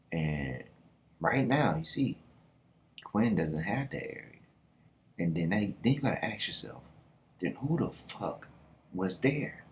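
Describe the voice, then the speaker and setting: A man hosting his own video channel, talking in a casual, slangy, animated way with quick asides and laughs. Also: sits low, slight background noise. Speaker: YouTube host. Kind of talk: casual commentary.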